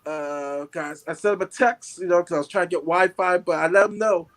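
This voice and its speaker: A man chatting as an excited fan, rambling with many fillers. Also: sits high, a little fast.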